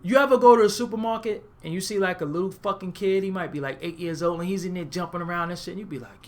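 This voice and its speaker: A man from Brooklyn with a New York accent, hosting a comedic, profane rant show, blunt and animated. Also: sits high, fast, few pauses. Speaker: host.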